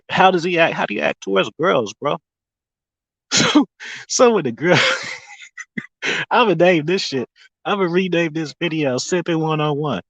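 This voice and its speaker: Husky-voiced man ranting on a livestream. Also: a little high, no echo, rough recording. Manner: animated, mocking, laughs often between lines. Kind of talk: casual livestream rant.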